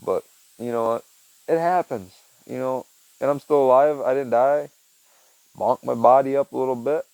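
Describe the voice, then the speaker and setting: A man's voice: mid-range voice, steady tone, moderate pace, creaky, a little mellow, smooth, dry recording. A young man vlogging casually outdoors in a rural backyard, talking into a handheld phone camera in a laid-back, rambling way full of fillers. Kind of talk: casual outdoor vlog talk.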